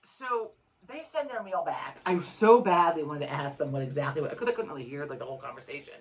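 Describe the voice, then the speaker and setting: A woman's voice: low-pitched, quick pace. A woman co-hosting a podcast, telling a long story in casual chat, frank and swearing freely with many restarts. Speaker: podcast co-host.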